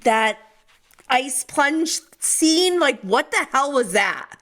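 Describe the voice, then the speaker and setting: A woman's voice: high voice, very animated, slow, fairly bright tone. A woman guest on a podcast in casual chat, gossipy and emphatic, often breaking into laughter.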